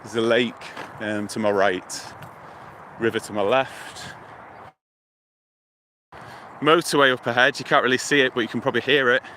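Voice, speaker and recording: A British man's casual livestream follows him by a lake and river near a motorway as he holds his phone and muses aloud to viewers about what he sees. His voice is bright, forward and mid-range, at normal speed with long pauses. A faint hum of traffic runs behind.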